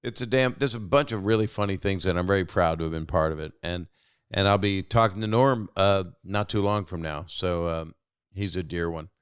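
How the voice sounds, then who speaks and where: Briskly and in a low voice, a host in his sixties chats with callers on a call-in show. His tone is clear and resonant, the studio sound clean with no room sound, and his stories ramble as he keeps interrupting himself.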